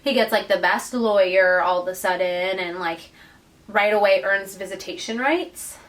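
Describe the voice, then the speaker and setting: A woman's voice: medium pitch, normal speed, distant mic, poor audio. A woman co-hosting a podcast, casually retelling a book's plot and acting out the characters' lines. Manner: animated storyteller, acts out characters' lines. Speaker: podcast co-host.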